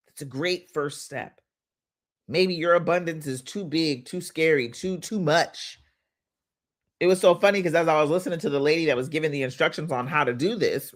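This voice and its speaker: A woman's voice: lowish voice, fairly bright tone. A woman life coach giving a playful motivational talk, laughing often and shushing for emphasis.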